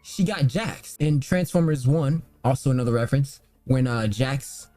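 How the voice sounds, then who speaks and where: A man's voice: mid-range voice, moderate pace, warm tone, soft background music. A young man reviewing films in a loose, rambling casual chat, full of fillers and swearing. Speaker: movie reviewer.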